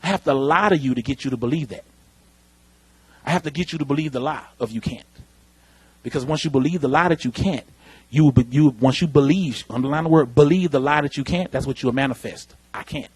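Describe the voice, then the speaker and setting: A man preaching a lively sermon in church, calling out to the congregation. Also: medium pitch, fairly quick, breathy edge, no echo. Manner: animated preaching, calls out to the congregation. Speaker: pastor. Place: church sanctuary.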